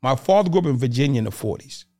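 A man's voice: mid-range voice, very fast. A man from the Boston area in casual conversation as a podcast guest, telling stories and acting out what others said. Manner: animated, acts out quotes of others.

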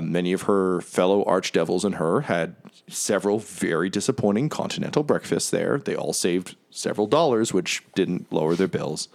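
Male game master, lower voice, loose and improvised narration. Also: gravelly, darkish tone. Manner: loose, rambling, full of fillers.

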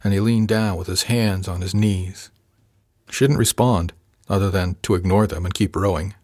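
Brief: male narrator, low voice, dry close recording, calm first-person reading. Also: normal speed, no room sound. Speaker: audiobook narrator.

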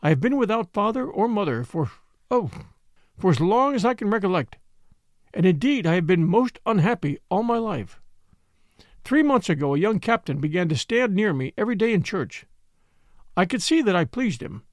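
A man's voice: sits high, no room sound, clean studio sound. A man voicing a distraught young noblewoman in an audiobook, pleading and tremulous. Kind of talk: audiobook character reading.

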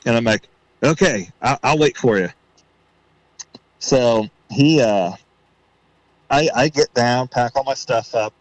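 Excited man telling a story. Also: medium pitch, measured pace, pauses often, no room sound, poor audio. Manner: excited storyteller, reenacts his own thoughts. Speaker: podcast guest. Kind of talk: casual storytelling.

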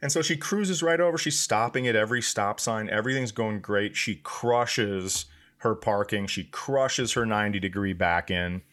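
A man's voice: lowish voice, normal speed. A middle-aged man hosting a podcast, telling a family story in casual chat and acting out what others said. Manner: lively storyteller, acts out quotes in a raised voice. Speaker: podcast host.

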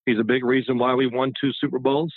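A man's voice: mid-range voice, level tone, fast talker, no room sound. Older man telling stories over a tinny line. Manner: rambling, chatty, with frequent restarts. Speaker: former quarterback, guest. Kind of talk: casual storytelling interview. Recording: tinny phone-like line, dry.

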